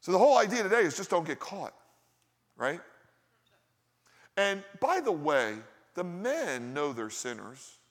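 A man's voice: high-pitched, very animated, a little slow, pauses often, long reverb tail. A male pastor preaching a sermon in a conversational style, asking his listeners rhetorical questions.

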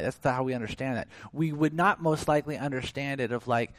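Animated preacher man, dry sound. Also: quick pace, hardly any pauses, no room sound. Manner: animated, acts out quoted voices with big swings in pitch and loudness. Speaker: pastor. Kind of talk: sermon.

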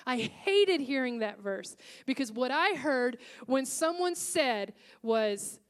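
A woman pastor delivering a sermon in a church, sharing her own story with earnest emotion. Her voice sits somewhat high. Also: expressive, takes it slowly. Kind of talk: sermon with personal testimony. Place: church before a congregation.

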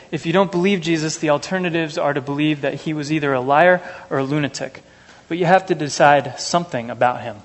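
A man preaching an earnest, measured sermon to a congregation, reading scripture and telling everyday stories. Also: fairly high pitch. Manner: earnest, measured, anecdotal asides. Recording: long hall reverb.

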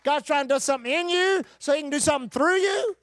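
A man preaching a sermon, emphatic, with rhetorical questions, repeated phrases and occasional shouted bursts. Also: extremely high pitch, fast, dry recording, studio quality. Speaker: pastor.

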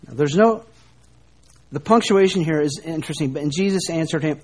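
Animated preacher with a raised voice. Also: male voice, fairly high pitch, fairly quick, slightly rough. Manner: animated, rising and falling emphasis, rhetorical questions. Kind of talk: sermon.

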